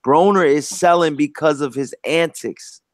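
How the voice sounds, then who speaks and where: A man hosting a boxing live stream, relaxed and teasing, reading out viewer comments. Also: on the high side, measured pace, no room sound, studio quality. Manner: laid-back, teasing, reads out the chat. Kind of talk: casual live-stream chat.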